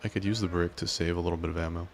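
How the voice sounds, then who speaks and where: A man casually commenting on his gameplay and chatting with his viewers in a relaxed way. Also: low-pitched, rapid-fire, slight background noise. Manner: relaxed, chatty, talks to chat. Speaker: game streamer.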